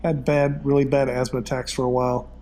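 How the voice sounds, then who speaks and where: A man's voice: medium pitch, flat delivery, a little fast, background noise. A man, a guest telling folksy, rambling stories in a casual conversation. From Texas. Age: 50s. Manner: rambling, folksy storytelling with many fillers. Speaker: interview guest.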